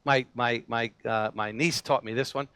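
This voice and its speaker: Bright-voiced man preaching a lively sermon. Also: mid-range voice, normal speed, smooth, no room sound. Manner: animated storytelling, acts out quoted voices, frequent restarts. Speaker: pastor.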